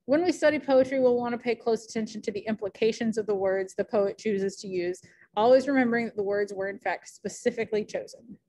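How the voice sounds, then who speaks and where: A woman's voice: on the high side, fairly quick, warm tone. A woman teacher giving a casual recorded lecture, chatty and thinking aloud with many fillers.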